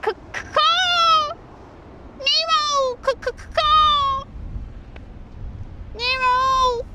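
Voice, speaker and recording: A woman voicing a female seagull with loud, shrill, shouted cawing calls outdoors on a beach. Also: fairly even intonation, very slow, slight background noise, heavily acted. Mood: shrill calling.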